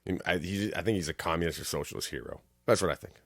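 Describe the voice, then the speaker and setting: A man's voice: low voice, rapid-fire, vocal fry, no echo, studio quality. A man co-hosting a podcast, telling a story in casual chat and swearing freely. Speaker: podcast co-host.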